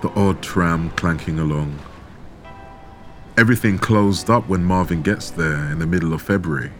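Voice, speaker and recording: A man telling a true story in measured, dramatic scripted narration, with rhetorical questions. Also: low voice. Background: background music.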